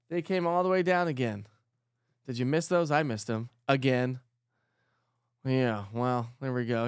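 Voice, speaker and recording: A man's voice: mid-range voice, clear, resonant tone, no echo, studio quality. Chatty man hosting live. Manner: chatty, reads viewer comments aloud, frequent "uh" restarts. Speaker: weather show host. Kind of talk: casual livestream chat.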